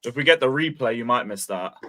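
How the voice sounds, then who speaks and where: A young man hosting a casual football chat, who sounds animated, laughs easily and uses slang. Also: medium pitch, brisk, dry recording. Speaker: host.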